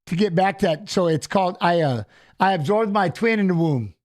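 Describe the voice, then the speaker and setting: A man's voice: sits high, lively intonation, a little fast. A middle-aged man, a retired fighter co-hosting a casual watch-along, telling stories animatedly and repeating phrases.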